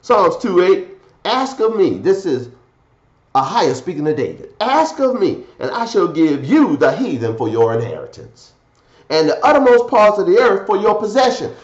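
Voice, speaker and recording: A man preaches in a raised, lively voice that climbs and dips sharply. He swings between declaiming verses and low, muttered asides. The sound is roomy and a little muffled. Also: normal speed. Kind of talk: fiery scripture sermon.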